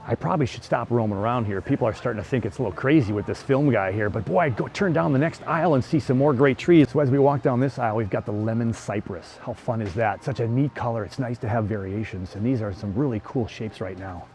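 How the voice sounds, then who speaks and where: A man's voice: mid-range voice, fast, hardly any pauses, a little mellow, slight background noise. Upbeat man touring a greenhouse. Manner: enthusiastic, chatty, full of exclamations. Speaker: bonsai vlogger host. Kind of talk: casual walk-and-talk vlog. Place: indoor greenhouse at a plant nursery.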